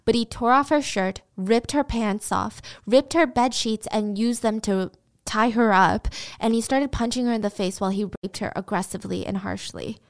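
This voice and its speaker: A woman's voice: a little high, moderate pace, creaky. Woman telling a true crime story. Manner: casual, conversational, with asides.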